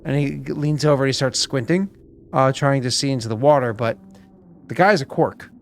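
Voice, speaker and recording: A man's voice: mid-range voice, brisk, a little hiss or hum. A man narrating a tabletop game as game master, hesitant, with many fillers and restarts.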